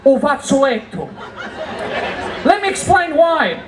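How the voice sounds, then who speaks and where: A man's voice: very high-pitched, sing-song, measured pace. Man, stand-up comedian, teasing and chatty, miked from a distance, echoey live venue. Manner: chatty, teasing, drops in Italian words and put-on voices. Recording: roomy live room, mic at a distance, crowd laughter. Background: audience laughing.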